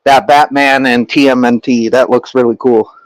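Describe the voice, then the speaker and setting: A man's voice: medium pitch, steady tone, moderate pace, no room sound, low-quality recording. A young man streaming and chatting casually with his viewers, rambling with lots of fillers and restarts.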